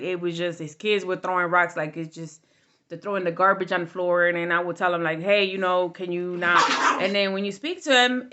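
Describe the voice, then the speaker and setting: A woman's voice: mid-range voice, bright, forceful tone. A middle-aged woman telling a candid storytime vlog in a blunt, casual way with plenty of swearing. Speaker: vlogger.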